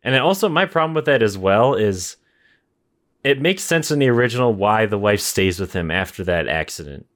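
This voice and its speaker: Guy with a lowish voice on a movie podcast, rambly, says like a lot. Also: lively intonation, brisk. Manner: rambling, lots of "like" fillers. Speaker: podcast co-host. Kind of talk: casual movie review chat.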